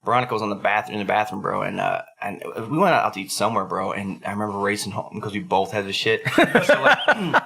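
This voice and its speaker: A man chatting on a podcast, his voice bright and bouncing all over the place as he tells crude stories. He swears freely and laughs often. He acts out other people in a high, squeaky voice. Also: big pitch swings, fast, creaky, few pauses, a little hiss or hum. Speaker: podcast co-host. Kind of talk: casual crude chat.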